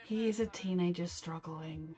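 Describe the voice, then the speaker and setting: A woman's voice: fairly low pitch, normal speed, dark tone, faint music behind. A woman from England talking through a show reaction, emotional and rambling, slipping into mock voices to quote people. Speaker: reaction video host. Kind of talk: casual reaction commentary.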